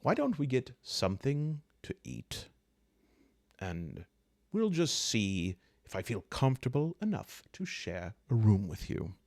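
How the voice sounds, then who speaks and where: A man's voice: mid-range voice, wildly swooping pitch, vocal fry, darkish tone, dry recording, studio quality, full character voice. A man voicing a prim, touchy young woman elf who lectures and guards her privacy. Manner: fussy, lecturing, quick to take offense.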